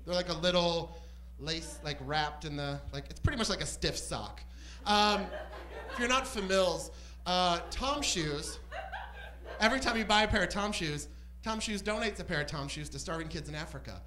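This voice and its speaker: A man performing a stand-up set on a comedy club stage, camp and animated, with squealing outbursts. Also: sits high, moderate pace, a crowd in the background, poor audio.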